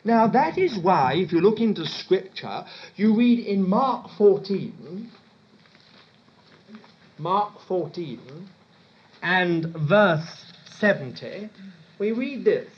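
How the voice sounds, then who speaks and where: A man's voice: sits high, big pitch swings, takes it slowly, long pauses. A man with a British accent preaching a sermon, teaching in a chatty way with asides and restarts. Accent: British English. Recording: dull lo-fi sermon recording.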